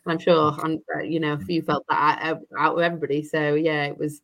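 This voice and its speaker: A woman's voice: low voice, little pitch movement, a little fast, fairly bright tone. A woman, an estate agent, chatting as an interview guest, rambling with many restarts and fillers. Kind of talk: casual interview chat.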